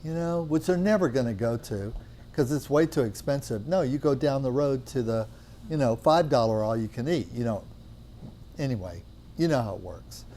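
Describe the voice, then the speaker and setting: A middle-aged man with a warm, mellow voice at an ordinary pitch spins a long anecdote for his students. He talks loosely and conversationally, full of "you know" and restarts, slipping into little acted-out exchanges. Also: animated, moderate pace, slight background noise. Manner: chatty, acts out dialogue, many fillers. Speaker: natural medicine teacher. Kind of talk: anecdotal storytelling to a class.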